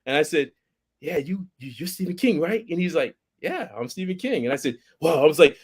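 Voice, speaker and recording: Animated storytelling man, higher voice. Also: a little fast. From Boston, United States. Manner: animated, repeats words and restarts, acts out quoted voices. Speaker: podcast co-host. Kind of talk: casual storytelling chat.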